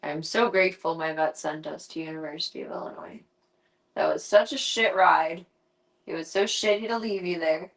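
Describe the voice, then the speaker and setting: A woman's voice: sits low, moderate pace, creaky. A young woman streaming from home on a handheld phone, chatting casually and slipping into baby talk with her pet cat. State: tearful, close to crying. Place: at home indoors. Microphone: handheld phone camera.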